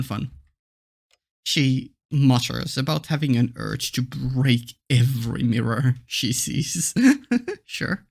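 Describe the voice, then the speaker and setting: Slow, gravelly let's play host. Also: male voice, mid-range voice. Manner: relaxed and amused, laughing often, saying sure a lot. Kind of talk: reading a visual novel aloud with casual commentary.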